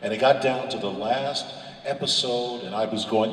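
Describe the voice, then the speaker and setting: A man on a convention panel telling an animated anecdote, acting out quotes with big swings in his voice. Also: mid-range voice, normal speed. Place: large convention hall. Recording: echoey hall from far off.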